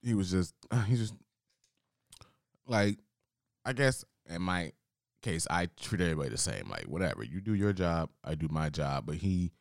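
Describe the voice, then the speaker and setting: Deep-voiced man telling a story casually. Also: sing-song, moderate pace, creaky, pauses often, dry recording, clean studio sound. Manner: laid-back, profane, rambling. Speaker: podcast co-host.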